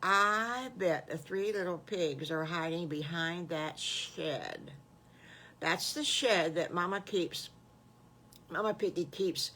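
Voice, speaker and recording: A woman's voice: fairly low pitch, a little hiss or hum. Folksy great-grandmother telling a bedtime tale. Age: older. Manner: folksy, gentle, homespun. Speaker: storyteller grandmother. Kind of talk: improvised children's story.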